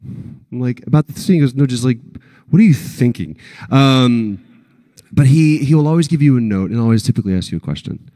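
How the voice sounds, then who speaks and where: Man, forties, convention panel talk, animated anecdotes, warm relaxed tone. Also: medium pitch, fairly quick. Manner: animated storyteller, acts out quotes.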